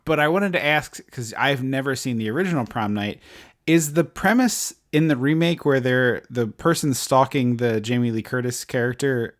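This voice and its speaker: A man's voice: mid-range voice, moderate pace. A man co-hosting a casual podcast chat, rambling through jokey asides and laughing often. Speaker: podcast co-host.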